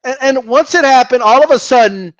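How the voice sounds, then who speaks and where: A man's voice: a little fast, no room sound, muffled recording. A man ranting about boxing in casual commentary, argumentative and mocking, often repeating himself. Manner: animated, argumentative, mocks opponents in high voices.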